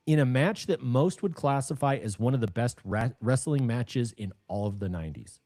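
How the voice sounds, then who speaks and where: Podcast co-host, male, 30s, lively pitch, excitable storyteller. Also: moderate pace. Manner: animated storyteller, bursts of excited emphasis. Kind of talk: casual podcast chat.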